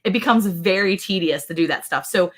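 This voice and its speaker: A woman's voice: fairly low pitch, brisk. A middle-aged woman hosting a casual live chat, telling rambling stories and acting out quotes. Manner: rambling storyteller, acts out quotes. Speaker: host.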